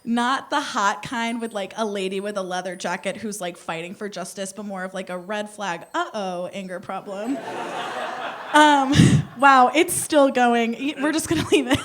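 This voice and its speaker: A young woman performing a stand-up comedy set on a theater stage, animated and laughing at her own jokes. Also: fairly high pitch.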